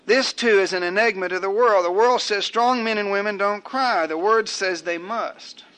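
An older man preaching a sermon in a measured, rhetorical way, building his points through repeated phrases. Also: sits high, sharp tone, clear, resonant tone.

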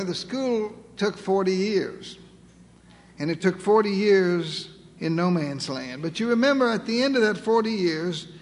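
A man's voice: sits high, long reverb tail. A man preaching a sermon in a folksy, humorous way, often asking his listeners questions.

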